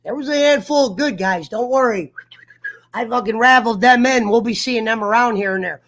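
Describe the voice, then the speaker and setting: A man's voice: very high voice, fairly quick, a bit bright. Profane fired-up man telling a story. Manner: profane, fired-up storyteller who mimics others. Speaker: host of an online sports talk show. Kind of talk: casual livestream rant.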